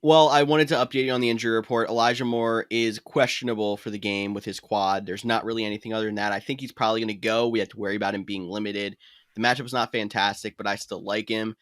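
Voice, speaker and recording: A man co-hosting a podcast, giving casual fantasy football advice in a quick, chatty way. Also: fairly low pitch, fairly even intonation, fairly bright tone, no echo, studio quality. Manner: quick, chatty, laughs easily. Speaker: podcast co-host.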